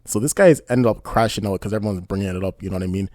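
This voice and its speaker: A man's voice: lowish voice, rapid-fire, darkish tone, dry recording, clean studio sound. A man doing casual online commentary, indignant and rambling, often asking "you know what I mean". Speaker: commentary YouTuber.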